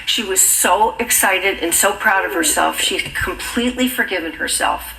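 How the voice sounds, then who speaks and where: A woman author giving an encouraging, inspirational talk to an audience, slowing down on key words. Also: mid-range voice, vocal fry, bright, forceful tone, echoey room, slight background noise, low-quality recording. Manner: earnest, encouraging, stretching key words slowly. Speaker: motivational speaker and author.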